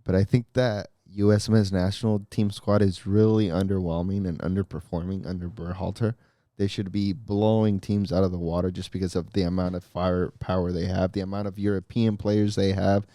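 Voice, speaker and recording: A man co-hosting a podcast, giving relaxed, opinionated takes on soccer. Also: deep voice, fairly quick, dry recording, studio quality. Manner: opinionated, relaxed, many fillers. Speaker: podcast co-host. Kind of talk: casual soccer chat.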